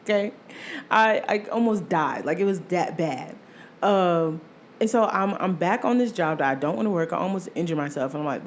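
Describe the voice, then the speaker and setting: Animated young woman telling a story. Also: fairly low pitch, moderate pace, a little hiss or hum. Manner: animated, laughs often, acts out quoted voices. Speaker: podcast host. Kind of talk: casual solo storytelling.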